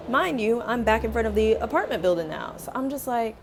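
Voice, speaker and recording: A woman's voice: a little high, brisk, very noisy. A young woman chatting through a casual storytime while doing her hair, acting out every voice in the story. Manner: animated storytelling, acts out both sides of dialogue. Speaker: beauty vlogger.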